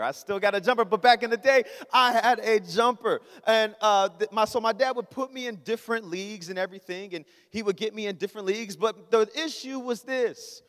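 A man's voice: high voice, lively intonation, fairly quick, hardly any pauses, fairly bright tone. A young man preaching a casual, joking sermon, telling stories and acting out his father's voice. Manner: conversational, joking, acts out his father's lines. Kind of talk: humorous sermon storytelling. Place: church sanctuary. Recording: long reverb of a hall.

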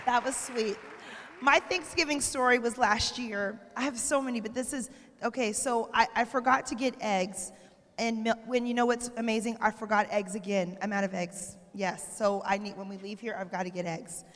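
A woman's voice: on the high side, steady tone, moderate pace, a bit bright. Chatty woman laughing at herself. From Arizona, USA. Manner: chatty, self-mocking humor. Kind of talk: casual storytelling to a congregation. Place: church hall. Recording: long reverb of a church hall.

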